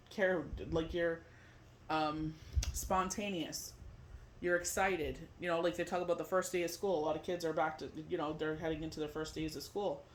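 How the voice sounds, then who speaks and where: Man, high-pitched, tarot reader, rambling casual talk, lots of "you know" fillers, faint background noise. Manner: alternates loose chat with read-out card meanings. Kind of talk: casual tarot forecast reading.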